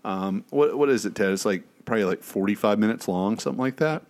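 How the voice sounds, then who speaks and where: Deep-voiced man hosting a podcast. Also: quick pace. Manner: relaxed, questioning, with hesitant restarts. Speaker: podcast host. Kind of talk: casual podcast chat.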